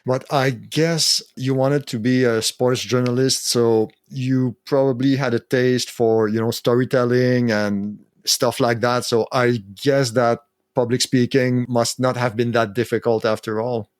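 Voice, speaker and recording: A man's voice: mid-range voice, fairly even intonation, measured pace, few pauses, no room sound, studio quality. A man hosting a podcast interview, mostly listening with short replies and easy laughter. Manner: brief backchannels and easy laughter. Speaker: podcast host. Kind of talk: casual interview.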